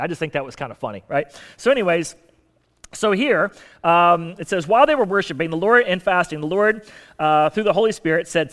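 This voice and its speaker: Pastor type, male, slightly higher voice, casual teaching sermon with light humor and punchy emphasis. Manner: conversational teaching with asides and humor; animated, shifts loudness for emphasis.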